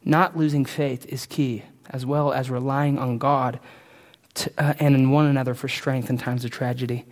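A pastor delivering a sermon, swinging between hushed and loud, emphatic passages. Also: male voice, medium pitch, little pitch movement, normal speed, big-room sound.

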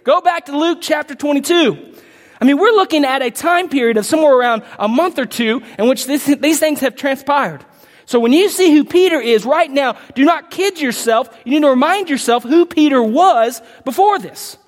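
In a large hall with a congregation, a preacher delivers an emphatic, impassioned sermon in a high voice at a moderate pace, reading scripture aloud and sometimes stumbling over words. The recording carries long hall reverb.

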